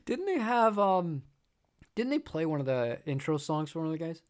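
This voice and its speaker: A man's voice: a little high, animated, moderate pace. A man hosting a guitar channel, chatting casually on a live stream, rambling and repeating words and laughing often.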